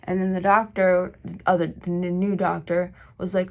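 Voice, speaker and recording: A woman vlogging while doing her makeup, telling a long personal story in a rambling, filler-heavy way, her voice slightly hoarse. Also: lowish voice, flat delivery, moderate pace, a little hiss or hum. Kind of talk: get-ready-with-me storytime.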